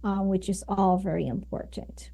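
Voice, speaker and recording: A woman's voice: mid-range voice, moderate pace, gravelly, warm tone, slightly rough. A woman guest in an interview, explaining ideas with frequent fillers and tag questions. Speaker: guest, communication coach. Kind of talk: conversational interview.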